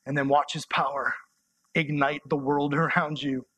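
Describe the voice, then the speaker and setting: A young man preaching a sermon as a youth pastor, conversational and impassioned, sometimes dropping to soft, intimate tones. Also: a little high, flat delivery, normal speed, husky.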